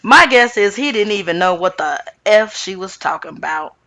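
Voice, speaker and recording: A woman's voice: medium pitch, animated, normal speed, sharp tone. A woman hosting a reality TV recap in casual chat, blunt and sassy, swearing and using slang as she talks to her viewers.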